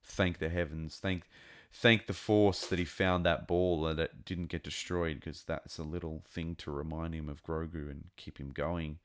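A man giving a casual, rambling and excitable review of a TV episode. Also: extremely low pitch, moderate pace, hardly any pauses. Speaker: show reviewer.

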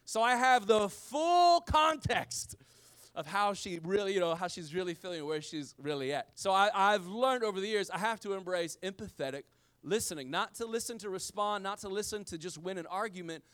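Middle-aged pastor guy, fairly high smooth voice, casual slangy sermon, goes loud then real quiet. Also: normal speed. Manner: animated preaching, swinging from loud emphasis to hushed low lines.

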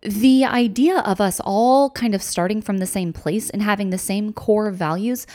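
A woman hosting a music education podcast, explaining ideas clearly and step by step. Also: mid-range voice, moderate pace, dark tone.

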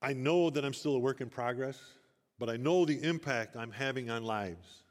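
A man's voice: mid-range voice, normal speed. An older man giving an earnest sermon, telling Bible stories with rising emphasis. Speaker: preacher. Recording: long hall reverb.

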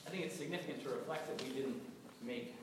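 Brief: New England-accented male preacher with a cold, chatty and wry, mid-pitched voice heard from far off in a reverberant hall with steady noise. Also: fast. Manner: conversational, gently humorous, stumbles and repeats words. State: has a cold. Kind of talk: sermon. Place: large church hall.

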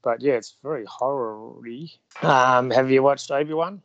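A man with a mid-range voice co-hosts a relaxed podcast about scripture. He is chatty, laughs easily, and often trails off mid-thought. The recording is dry and close, with almost no room sound. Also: mid-range voice, moderate pace, no echo, dull audio. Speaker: podcast co-host. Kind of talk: casual chat about scripture.

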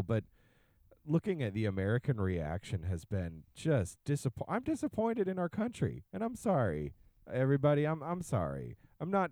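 Guy cohosting a podcast, ranting, does silly mock voices, warm low tone. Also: no echo. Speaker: podcast co-host. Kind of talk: casual chat.

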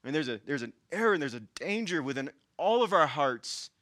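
A man with a Southern US accent preaching a sermon as pastor, passionately shifting between hushed and raised delivery. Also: fairly high pitch, very animated, a little fast, no echo, clean studio sound.

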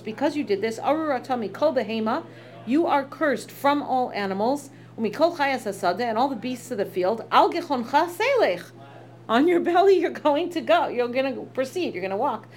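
A woman's voice: fairly high pitch, a little mellow. A woman teaching a text study in a chatty way, reading verses aloud and translating them with asides. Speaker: Torah teacher.

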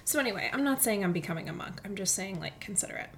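A woman hosting a casual solo podcast from a comfy chair at home, chatty and excitable, often dropping to a near whisper. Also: medium pitch, racing, vocal fry, a little hiss or hum. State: recovering from illness, walking with a limp. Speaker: podcast host. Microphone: studio microphone.

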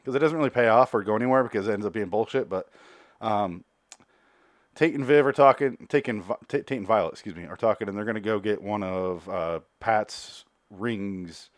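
A man's voice: on the low side, fairly quick, no echo, studio quality. A man giving a casual, rambling, sarcastic TV episode recap and swearing freely. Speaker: TV recap host.

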